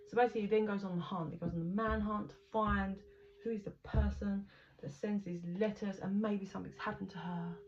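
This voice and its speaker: A woman's voice: medium pitch, steady tone, fairly quick. A woman giving a casual tarot reading, chatty and rambling, swearing casually as she tells what she sees. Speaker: tarot reader. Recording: dull lo-fi recording with faint background noise.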